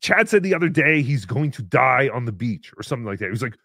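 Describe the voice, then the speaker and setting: A man hosting a casual livestream, reading paid chat messages aloud in a mocking tone, swinging between shouts and mutters. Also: medium pitch, sing-song, fast, creaky, no echo, clean studio sound.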